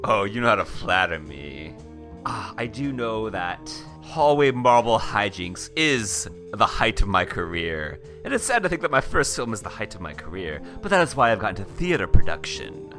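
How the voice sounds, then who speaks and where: A man's voice: on the low side, moderate pace, faint music behind, pitched below the performer's own voice. A man playing a vain former child star actress. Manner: flattered, theatrical and self-pitying.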